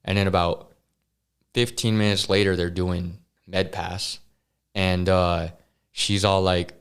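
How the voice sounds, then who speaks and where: A man as a podcast guest, earnestly telling a personal story with halting restarts and sighs. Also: low voice, level tone, fairly bright tone, clean tone. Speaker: interview guest.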